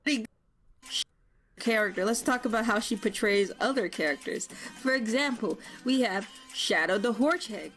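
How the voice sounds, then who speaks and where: A woman's voice: a little high, lively intonation, moderate pace, fairly bright tone. Sarcastic woman narrating a commentary video. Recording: video narration over faint music.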